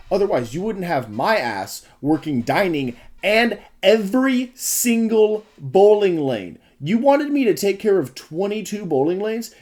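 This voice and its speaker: A man's voice: high voice, darkish tone. A young man telling a frustrated story about his restaurant shift, ranting and swearing freely in a casual vlog. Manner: mutters asides to himself while building in a game.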